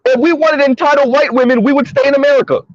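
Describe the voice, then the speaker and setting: High-voiced man, sarcastic and emphatic. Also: fairly even intonation, fast, dry recording. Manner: emphatic, sarcastic, repeats points. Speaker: commentary vlogger. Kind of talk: opinionated commentary monologue. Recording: dull lo-fi recording.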